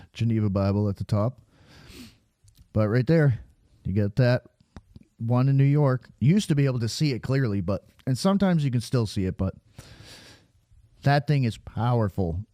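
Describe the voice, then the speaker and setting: A man's voice: lowish voice, warm tone, no echo. A man talking casually and out of breath, rambling and sarcastic as he points things out on screen, preachy at times. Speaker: video creator. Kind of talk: casual commentary over weather radar footage.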